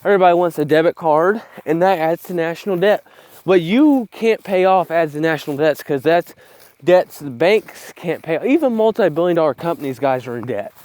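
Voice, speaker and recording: A man's voice: a little high, animated, normal speed, a little mellow, no room sound. Winded young man rambling on a farm. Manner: rambling, profane, blunt. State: out of breath. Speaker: vlogger. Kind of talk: casual walking vlog. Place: outdoors on farm fields. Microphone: phone camera.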